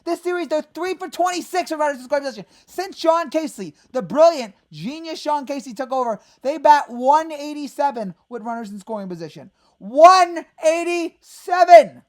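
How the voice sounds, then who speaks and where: A woman hosting a fan channel, ranting in exasperation about her team and breaking into sudden shouted outbursts. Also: high voice, lively intonation, fairly quick, few pauses. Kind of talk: angry fan rant.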